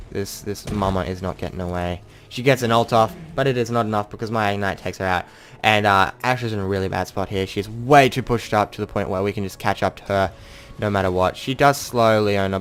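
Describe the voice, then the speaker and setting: A man's voice: on the low side, fairly bright tone, slight background noise. A young man giving casual, self-mocking commentary over his own gameplay and acting out what he said in the match. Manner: chatty, self-mocking, acts out his own in-game quotes.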